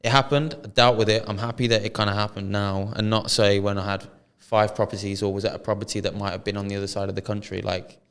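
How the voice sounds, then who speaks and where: A man's voice: fairly low pitch, level tone, quick pace, hardly any pauses, fairly bright tone, clear, resonant tone, long reverb tail. A British man co-hosting a podcast, telling a story in casual chat full of slang and swearing. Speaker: podcast co-host.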